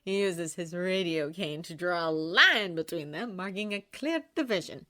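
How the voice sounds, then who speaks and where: A woman reading fanfiction aloud in an animated storytelling manner, close to the microphone. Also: on the low side, moderate pace, dry recording. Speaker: audiobook reader. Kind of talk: fanfiction narration.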